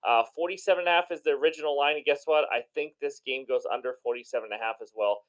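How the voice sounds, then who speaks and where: A man hosting a sports betting show, giving enthusiastic and chatty commentary on his picks in a hoarse voice. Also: medium pitch, rapid-fire, poor audio. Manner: enthusiastic, chatty, self-deprecating. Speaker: sports betting channel host.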